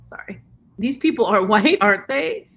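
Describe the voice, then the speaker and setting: A woman joining a casual chat with slow, joking reactions. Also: on the high side, expressive, fairly bright tone, breathy edge.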